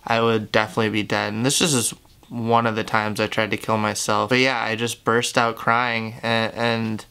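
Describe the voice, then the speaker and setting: A young man telling his own story to the camera, candid and halting, with lots of fillers and swearing. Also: on the low side, level tone, vocal fry, pushed and bright, smooth. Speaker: YouTuber. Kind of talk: confessional storytelling.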